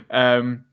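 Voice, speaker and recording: A talkative man with a Scouse accent, rambling through a casual conversation and breaking into laughs. His voice sits mid-pitch on a slightly dull recording. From Liverpool, England. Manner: chatty, rambling, laughs often. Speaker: guest, podcaster and activist.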